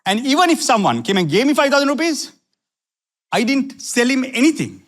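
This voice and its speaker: A middle-aged man from Sri Lanka preaching a sermon as pastor, repeating phrases and swinging from low asides to fiery questions. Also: big pitch swings, fairly quick, fairly bright tone.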